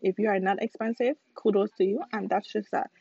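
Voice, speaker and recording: A woman's voice: mid-range voice, steady tone, fairly quick, vocal fry, husky, dry recording, muffled recording. A young woman chatting casually to her viewers while eating, speaking straight to them on her phone. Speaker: vlogger. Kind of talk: casual chat to camera.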